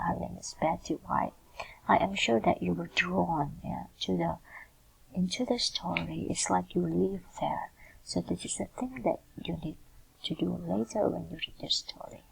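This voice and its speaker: A woman teacher talks through a screencast lecture slowly and patiently. Her voice is heavily gravelly with a husky, breathy edge, and she keeps checking in with her students as she explains. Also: mid-range voice, poor audio. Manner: explanatory, often checks in with "yeah". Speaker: university lecturer.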